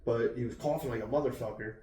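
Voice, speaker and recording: A man's voice: mid-range voice, quick pace, mellow. Casting: male podcast co-host, joking and profane, roomy far-off sound. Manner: laughs often, swears freely. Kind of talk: casual banter. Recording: roomy sound, distant mic.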